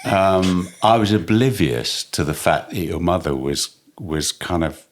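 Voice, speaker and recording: Deep-voiced middle-aged Englishman, easygoing. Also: a little slow. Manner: easygoing, wry anecdotes. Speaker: podcast co-host. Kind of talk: casual family chat.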